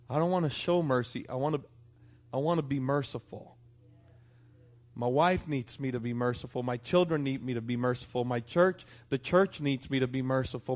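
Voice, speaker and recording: A pastor preaching a sermon to his congregation, talking conversationally and often asking them for a response. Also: medium pitch. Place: church.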